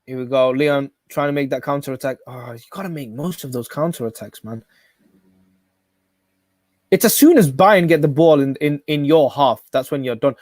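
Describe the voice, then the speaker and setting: A man hosting a live football watch-along, excitable and shouting at every chance. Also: mid-range voice, normal speed, dry recording, clean studio sound.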